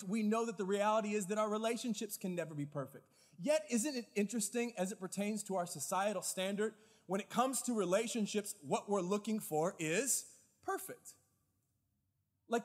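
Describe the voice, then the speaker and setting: A man preaching a sermon as pastor, with animated, lively storytelling in quick bursts. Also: high-pitched, long reverb tail. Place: church hall.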